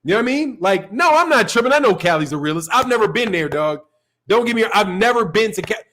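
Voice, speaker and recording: Fast and expressive, this Chicago-accented man has a high, fairly bright voice. He hosts a boxing channel's live stream, ranting casually in a loose, foul-mouthed, meandering way and laughing often.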